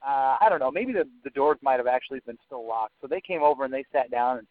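A man's voice: medium pitch, quick pace, no echo. A man casually telling a story as a podcast co-host, swearing freely and saying "like" often. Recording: dry, narrow phone-like sound.

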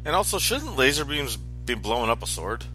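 Bright-voiced man, wry TV chat. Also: mid-range voice, very animated, a little fast, soft background music. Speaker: podcast co-host. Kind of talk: casual TV recap chat.

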